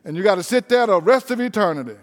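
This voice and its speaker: A man's voice: high-pitched, expressive, fast talker, long reverb tail. A man preaching a sermon as pastor, folksy and emphatic, stretching out key phrases.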